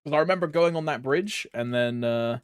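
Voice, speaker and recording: A man's voice: fairly high pitch, fairly quick, clear, resonant tone, dry recording, clean studio sound. A young man streaming a game, chatting casually in a rambling way, laughing often and calling his viewers bro. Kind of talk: casual chat while gaming.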